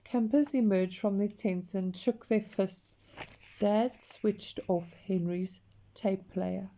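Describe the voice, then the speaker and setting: A woman reading a picture book aloud, expressive and talking to the listener. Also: medium pitch, highs cut off. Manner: slow, expressive, talks to the listener. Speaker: storyteller.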